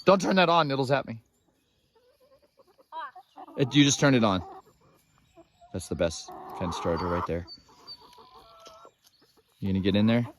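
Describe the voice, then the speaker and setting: With long pauses and an unhurried delivery, this young Bible teacher speaks at medium pitch against a noisy farmyard, chickens clucking nearby. He retells Bible stories outdoors in a casual, rambling, opinionated manner, often digressing.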